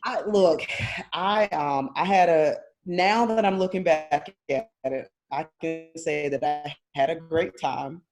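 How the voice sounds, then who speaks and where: A woman's voice: low-pitched, slow, a little mellow, soft background music. A woman co-hosting a casual sports podcast, talking in long rambling turns, hedging often and laughing between thoughts. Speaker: podcast co-host.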